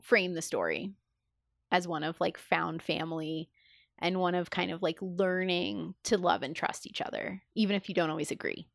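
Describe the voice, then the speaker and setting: A woman's voice: lowish voice, steady tone, normal speed, creaky, no room sound, clean studio sound. Chatty woman gushing about a show. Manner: enthusiastic, filler-heavy, acts out quoted dialogue. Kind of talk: casual chat.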